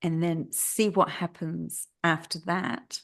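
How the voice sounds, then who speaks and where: A woman co-hosting a mindfulness chat, giving gentle coaching advice and checking in with "right?" and "yeah?". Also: fairly low pitch, little pitch movement, takes it slowly, vocal fry. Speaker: podcast co-host. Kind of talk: casual chat.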